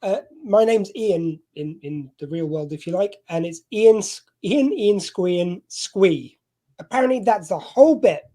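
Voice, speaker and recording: A middle-aged podcast host from southern England, being interviewed in casual chat, tells a rambling, self-deprecating story. His high-pitched voice is expressive and mellow, with a measured pace.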